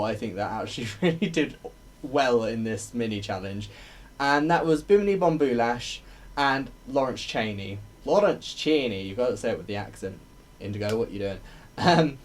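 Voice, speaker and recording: A young man in drag chatting to a camera at home, reviewing a TV episode in a rambling way, often laughing and correcting himself. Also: medium pitch. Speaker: drag vlogger reviewing a TV show. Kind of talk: casual solo video review.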